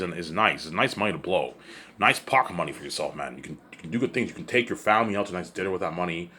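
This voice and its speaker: A man's voice: sits low, sharp tone, slight background noise. A man rambling in a casual solo monologue, repeating himself and often adding "you know what I'm saying.". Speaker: vlogger.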